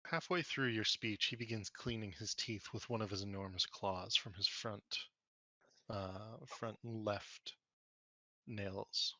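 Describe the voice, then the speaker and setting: A man narrating as game master of a tabletop game, in a relaxed, loose way. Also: on the low side, slow, no room sound.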